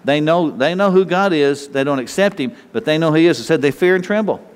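A man's voice: a little high, quick pace, smooth. A man preaching a sermon in a folksy, conversational way, often restarting phrases and chuckling. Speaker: pastor. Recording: reverberant hall.

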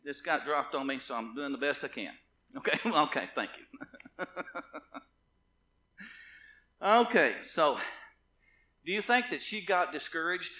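A man's voice: on the high side, expressive, normal speed, bright, forceful tone. A male pastor preaching a fervent sermon in a church, driving his points home with insistent repetition. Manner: impassioned, repetitive preaching with rising and falling intensity. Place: church sanctuary.

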